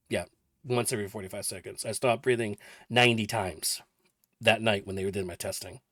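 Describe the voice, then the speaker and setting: A man's voice: fairly low pitch, fairly bright tone, no room sound, studio quality. A man in his forties casually recounting a personal story for a vlog, chatty and rambling with lots of detail. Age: 40s. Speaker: vlogger.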